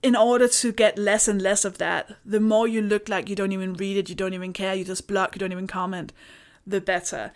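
A woman's voice: medium pitch, level tone, fairly quick, hardly any pauses. A woman, a podcast guest, talking candidly in a casual chat with a dry, sardonic edge. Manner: candid, dry and sardonic, laughing through stories.

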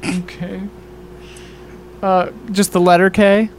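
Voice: mid-range voice, level tone, slow pace, slight background noise. A player chatting loosely and laughing often while sorting out characters for a tabletop game. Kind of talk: casual chat setting up a tabletop game.

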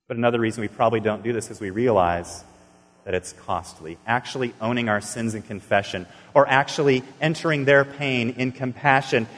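A man preaching a sermon as pastor, earnestly telling stories and acting out the dialogue in them. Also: lowish voice. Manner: earnest storytelling, acting out dialogue with sudden bursts. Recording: long reverb of a large hall.

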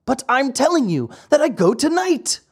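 A boastful, coaxing runaway boy , as a storybook narrator plays him, pushing his point with insistence. His pitch moves in a lively way, up and down. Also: moderate pace, slightly rough, exaggerated voice.

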